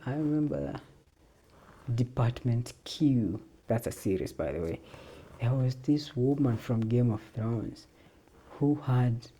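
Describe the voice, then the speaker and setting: A man's voice: mid-range voice, gravelly, mellow, breathy edge. A man hosting a solo podcast, rambling off the cuff and swearing casually. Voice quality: swears a lot, laid-back and off-the-cuff. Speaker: podcast host.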